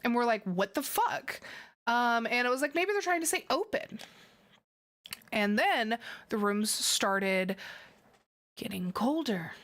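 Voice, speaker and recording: A young woman hosting a casual chat, telling a ghost story in an animated way, swearing freely and laughing often. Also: fairly high pitch, slow pace, long pauses.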